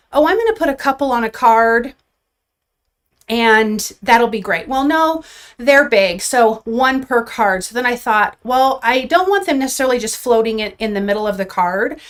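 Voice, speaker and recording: A woman hosting a live craft demo, chatting casually and greeting viewers by name, with rambling asides and self-corrections. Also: on the high side. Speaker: crafting livestream host.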